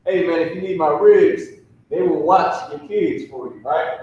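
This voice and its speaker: A slightly high-voiced man leads a casual classroom lesson, speaking in loose slang and repeating each sound slowly for his students. He is recorded from across a very echoey room, and the sound comes through muffled. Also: darkish tone, distant mic, a little hiss or hum. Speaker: language teacher. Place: classroom with a whiteboard.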